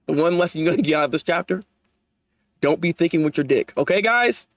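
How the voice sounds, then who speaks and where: A young man hosting a live manga chapter reaction, animated and laughing often as he talks to his viewers. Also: a little high, a little fast, no echo.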